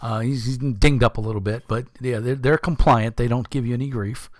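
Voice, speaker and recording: A man's voice: medium pitch, dry recording. Dry-sounding male game master. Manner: relaxed, halting, repeats words. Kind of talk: narrating a tabletop game.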